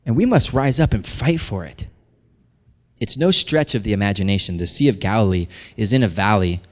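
A pastor in his thirties preaching a sermon, animated, building to loud, intense passages. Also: on the low side, brisk. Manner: animated, climbs to shouting intensity. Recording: long hall reverb.

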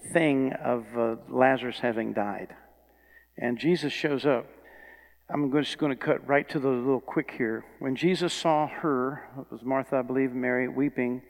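A man preaching a sermon, reading scripture quietly and then building to loud, fervent passages. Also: medium pitch, in a large hall.

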